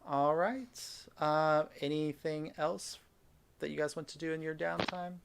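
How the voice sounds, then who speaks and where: A man narrating a tabletop game as game master, relaxed and full of fillers. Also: on the high side, measured pace, creaky, noisy background.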